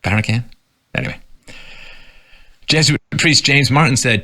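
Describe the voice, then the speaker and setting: A man's voice: fairly low pitch, lively intonation, normal speed, pushed and bright. A man giving sarcastic political commentary, reading out quotes and mocking them.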